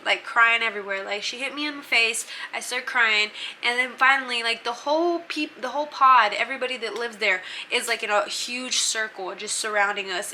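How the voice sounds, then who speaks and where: A woman's voice: fairly high pitch, pushed and bright, a little hiss or hum, poor audio. A young woman telling a story to her channel in a casual, chatty way, swearing freely and using plenty of fillers. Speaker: vlogger.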